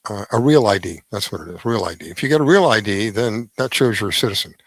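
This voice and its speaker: A man's voice: fairly low pitch, animated, fast talker, no room sound, low-quality recording. A middle-aged man hosting a radio show, giving a rambling opinion monologue with restarts and heavy emphasis.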